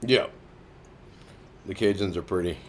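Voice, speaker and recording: Slow-talking man with low voice. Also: slight background noise. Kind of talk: casual live-stream banter.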